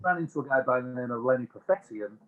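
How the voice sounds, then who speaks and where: A British man, a business owner as interview guest, telling anecdotes in a chatty, animated way. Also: medium pitch, very fast, narrow, tinny audio.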